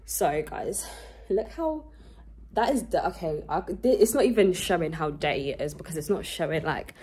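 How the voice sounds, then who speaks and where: Young woman vlogger, stuffy-nosed, low-ish voice, chatty filler-heavy rambling to camera at home. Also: expressive, normal speed, a little mellow, a little hiss or hum. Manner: rambling and chatty, full of fillers, often says "guys". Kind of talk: casual chat to camera. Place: home, indoors, small rooms.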